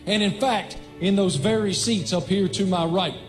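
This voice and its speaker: A man's voice: sits high, steady tone, moderate pace, faint music behind. A man from Virginia reading a heartfelt letter for a television piece.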